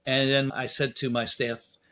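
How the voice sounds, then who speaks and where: A man, a dentist guest in a casual interview, telling lively anecdotes and acting out dialogue. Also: medium pitch, a little slow.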